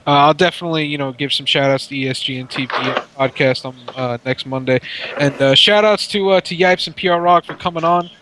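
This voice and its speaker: A man co-hosting a casual gaming podcast, telling stories in an animated, profane way. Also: on the high side, fairly quick, noisy background. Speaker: podcast co-host.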